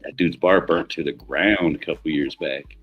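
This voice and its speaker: A man's voice: rumbling low, normal speed, phone-quality sound, faint music behind. A middle-aged man hosting a livestream, telling rambling stories in casual chat, swearing freely and laughing often. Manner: profane, rambling storyteller who laughs often. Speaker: livestream host.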